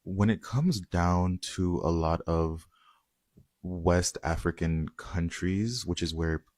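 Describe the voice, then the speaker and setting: A man from the Caribbean with a very deep voice talks earnestly about a video. The recording is dry and close. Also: slow, darkish tone, no room sound. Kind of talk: casual reaction commentary.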